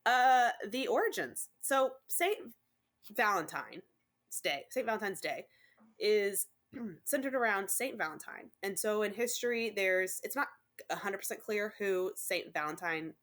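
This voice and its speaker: A woman's voice: medium pitch, animated, a little slow, fairly bright tone. Chatty woman podcaster reading notes. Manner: chatty, reads notes with many ums. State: dry throat. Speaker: podcast co-host. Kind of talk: casual chat.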